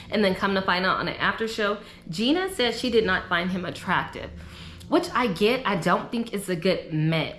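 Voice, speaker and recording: A woman's voice: on the low side, slight background noise. Young woman, chatty opinionated recap vlogger, echoey room. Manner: chatty, opinionated, animated asides. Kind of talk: casual chat.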